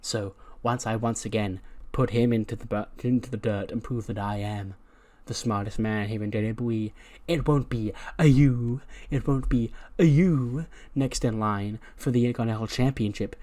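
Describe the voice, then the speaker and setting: A man's voice: on the low side, normal speed, hardly any pauses, mellow, natural voice. A man voicing a pompous, boastful male wrestler who calls himself a master genius and shushes everyone. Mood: smug boasting. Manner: pompous, shushes others, odd grammar.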